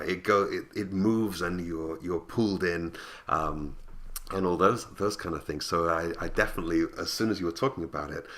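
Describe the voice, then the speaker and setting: A male interviewer with a very low voice that still sounds bright and forward. He talks in a relaxed, chatty way and laughs easily. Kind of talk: conversational interview.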